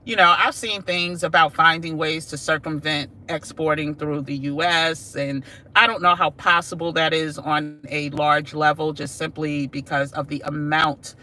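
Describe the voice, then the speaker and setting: A woman's voice: sits low, steady tone, moderate pace, few pauses, sharp tone. A woman hosting a casual live stream from her car, sassy and chatty, talking straight to her viewers. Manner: sassy, chatty, calls viewers "y'all" and "child". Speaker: vlog host. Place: in a car while driving.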